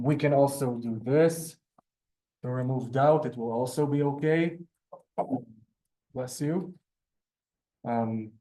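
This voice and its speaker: A man's voice: medium pitch, dark tone. A man teaching a classroom language lesson, explaining step by step with many ums and asides. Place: synagogue classroom.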